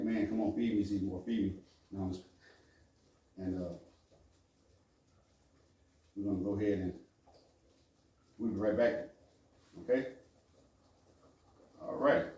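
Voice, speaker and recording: A middle-aged man hosts a relaxed cooking demonstration, talking viewers through each step with easy jokes and asides. His voice sits low and mellow. He is recorded from a distance in a very echoey home kitchen, with faint background noise. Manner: chatty, joking asides to viewers. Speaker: cooking show host.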